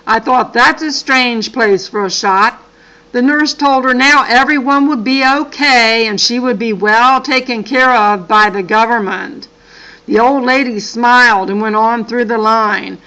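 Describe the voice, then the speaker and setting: A woman's voice: a little high, sharp tone, dull audio. An older woman and grandmother reading a dream account aloud, breaking off for earnest, apologetic asides. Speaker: channel host.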